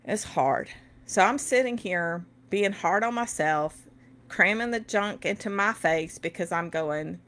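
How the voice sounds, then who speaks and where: A middle-aged woman speaks straight to her viewers in a heartfelt personal talk. Her voice sits low and has a gravelly fry, and she comes across as emotional and a little preachy. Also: measured pace, fairly bright tone. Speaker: host and educator.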